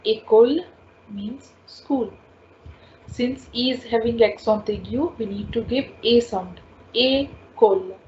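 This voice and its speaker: Warm in tone and on the high side, this woman's voice moves a little slowly as she teaches a French lesson. She patiently repeats each word and sound several times, and the slow spoken lesson is captured in dull lo-fi audio with faint ambient noise.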